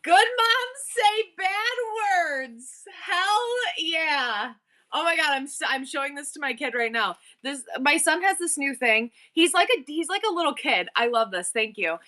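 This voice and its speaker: A middle-aged woman hosting an online auction live stream, chatting casually and bubbly with viewers, tossing in quick asides to the chat. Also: high-pitched, expressive, bright, forceful tone.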